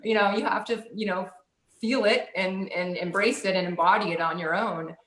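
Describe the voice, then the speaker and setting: A woman's voice: mid-range voice, steady tone, moderate pace, a bit bright. A woman guest telling a spiritual story in a loose, casual way, with many fillers and laughs, over a video call. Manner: rambling, many "like"s, laughs often. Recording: roomy echo.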